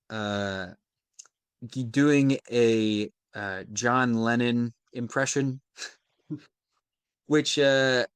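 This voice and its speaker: A man's voice: medium pitch, smooth, no room sound, clean studio sound. A young American man, an actor, talking through his work in a casual interview, reflective and searching for words. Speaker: actor guest.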